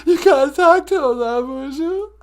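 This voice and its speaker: A man putting on a panicked, weepy male celebrity calling in to a comedy show, sobbing and shouting. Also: extremely high pitch, normal speed, pitched above the performer's own voice. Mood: pleading. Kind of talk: comedic phone-in skit.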